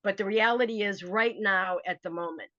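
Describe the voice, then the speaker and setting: A woman telling a personal story in a casual interview, animated and acting out what other people said. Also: mid-range voice, moderate pace, no room sound. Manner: animated, acts out quoted voices. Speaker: author telling her story. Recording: dry, slightly dull recording.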